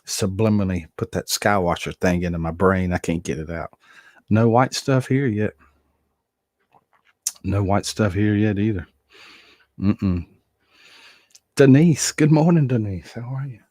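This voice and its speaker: A man's voice: lowish voice, a little slow, long pauses, a little mellow, dry recording, studio quality. A middle-aged man hosting a casual livestream, greeting viewers by name and chuckling often. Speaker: livestream host. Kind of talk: casual chat reading viewer comments.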